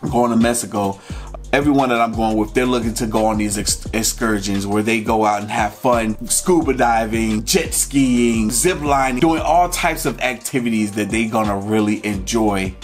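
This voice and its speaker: A man's voice: lowish voice, normal speed, faint music behind. Candid, emotional man vlogging. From Georgia, USA. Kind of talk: personal storytelling to camera.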